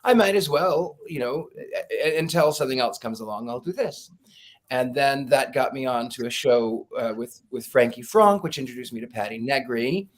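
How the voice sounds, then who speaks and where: A man's voice: mid-range voice, moderate pace. A middle-aged man, a psychic guest in an interview, telling stories with animation and acting out quoted lines, laughing often. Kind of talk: casual storytelling interview.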